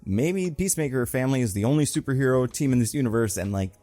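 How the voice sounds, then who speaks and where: A man's voice: medium pitch, expressive, fast, mellow, no room sound. A young man giving a casual, conversational breakdown of a TV episode, slipping into exaggerated voices when he quotes characters. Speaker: online film and TV commentator.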